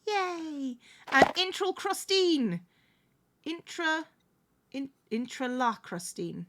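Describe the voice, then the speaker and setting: Very animated yet slow, a high-voiced woman hosts a live stream in a very noisy recording. She sews crafts while chatting casually, thanks viewers, and keeps restarting her sentences.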